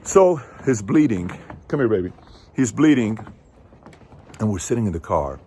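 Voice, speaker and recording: A man in his thirties, a show host, telling a personal story to camera in a casual, emphatic way with sudden loud peaks. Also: on the low side, sing-song, normal speed, a little hiss or hum.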